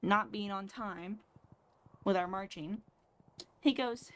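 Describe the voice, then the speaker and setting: A woman's voice: medium pitch, steady tone, unhurried, pauses often, fairly bright tone. A woman in her twenties telling a story casually while streaming at home, blunt and sarcastic, swearing freely. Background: faint background music.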